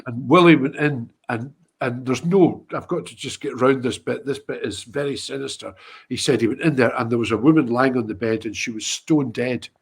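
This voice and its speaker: Husky-voiced Scottish man telling a story. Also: mid-range voice, normal speed. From Scotland. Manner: lively storyteller, frequent laughter and restarts. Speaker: guest musician. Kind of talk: anecdote told in casual chat.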